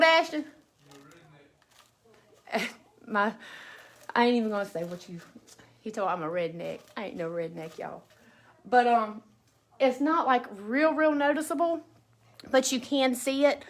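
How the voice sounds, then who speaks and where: A friendly-sounding Southern woman with a high voice talks casually on a home live stream. She keeps up a chatty, drawling stream of greetings to her viewers as she works. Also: a bit bright. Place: at home beside a Christmas tree.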